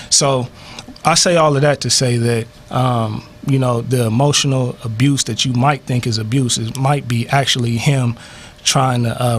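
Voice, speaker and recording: A man co-hosting a talk radio show, telling a story in a laid-back, slangy way and acting out voices. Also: medium pitch. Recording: faint background noise.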